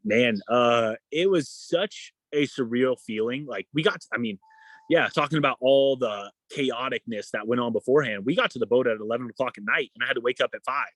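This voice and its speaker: On a poor recording with no room sound, a man with a slightly bright voice talks fairly quickly, telling a long story as an endurance athlete guest in a relaxed interview. He wanders, uses many fillers, and performs what others said in a higher voice.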